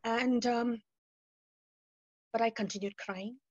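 A woman's voice: on the high side, steady tone, slow pace, no room sound, highs cut off. A woman giving a personal faith testimony, telling her story and acting out the dialogue as she goes. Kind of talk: spoken testimony to a youth webinar.

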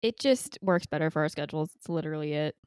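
Her low, dark-toned voice races along animatedly as this young woman co-hosts a podcast, rambling through casual conversation and laughing often. The sound is clean, echo-free studio quality.

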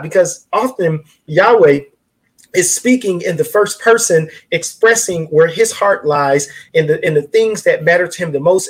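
A man's voice: high-pitched, breathy edge. A man in an impassioned casual discussion, speaking in a preacherly way with many restarts as he cites scripture.

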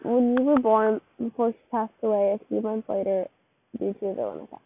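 A woman's voice: fairly high pitch, fairly even intonation, brisk, gravelly, slight background noise. A woman casually reading a second-person fan fiction story aloud, with a loose, rambling delivery full of slips and restarts. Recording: tinny, phone-like dry recording.

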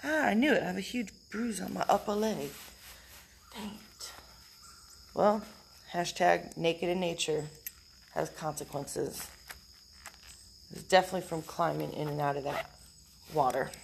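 Gravelly low-voiced woman, blunt and profane. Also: a little slow, long pauses, a little hiss or hum. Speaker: vlogger. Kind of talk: casual storytelling vlog. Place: outdoors in nature.

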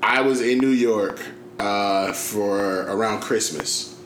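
A man co-hosting a podcast, animated and joking as he trash talks playfully. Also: fairly low pitch, slow pace. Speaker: podcast co-host. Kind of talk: casual sports chat. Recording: echoey room with noticeable noise.

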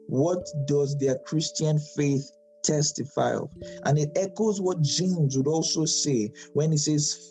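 A man as pastor, teaching a Bible study sermon, quoting verses with stress and asking quick tag questions. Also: fairly high pitch, mellow, low-quality recording.

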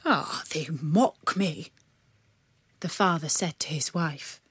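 A woman reading a storybook aloud in a measured, expressive way. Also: medium pitch, dry recording, clean studio sound. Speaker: narrator. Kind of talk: storybook narration.

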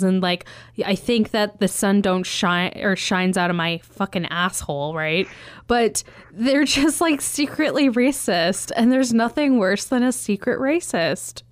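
A woman's voice: mid-range voice, unhurried, dry recording. A young woman co-hosting a casual podcast, heated and profane, often restarting her sentences. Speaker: podcast co-host. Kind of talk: casual film discussion.

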